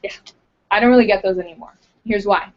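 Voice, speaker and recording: In a dull lo-fi recording, a woman recruiter with a medium-pitched, slightly mellow voice gives a small group casual training at a quick pace. Her talk is chatty and packed with fillers, and she performs sample interview lines as she goes.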